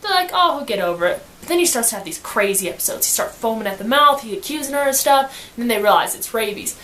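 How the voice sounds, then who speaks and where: A woman giving a casual book summary in slangy, animated storytelling, acting out quotes as she goes. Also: a little high, fast talker, a little hiss or hum. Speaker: student reviewer.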